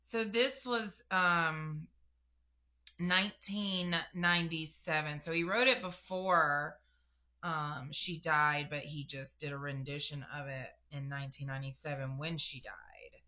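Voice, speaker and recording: A young woman giving a casual spiritual reading, talking straight to her viewers in a chatty, emotional way. Her voice is bright and a little low, and she takes her time. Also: a little slow. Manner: chatty and emotional, addresses viewers directly, laughs and gasps. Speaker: spiritual reader.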